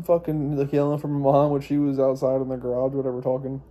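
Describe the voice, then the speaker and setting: A young man with a very dark, mellow voice rambles through a personal story. He swears freely and keeps restarting his sentences as he talks. His pitch sits in a middling range for a man. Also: completely flat delivery, fast. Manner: profane, meandering, frequent restarts and fillers. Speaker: vlogger.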